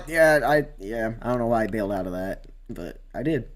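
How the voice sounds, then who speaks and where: A man's voice: fairly low pitch, expressive, a little fast, few pauses. A man casually commenting while racing in a video game, rambling with fillers and bursting out at near-crashes. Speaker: gamer doing race commentary.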